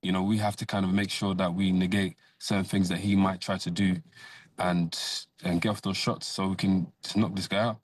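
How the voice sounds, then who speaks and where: Low-voiced boxer, measured and hesitant. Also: male voice, flat delivery. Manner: measured, hesitant, many fillers. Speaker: professional boxer, guest. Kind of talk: radio interview.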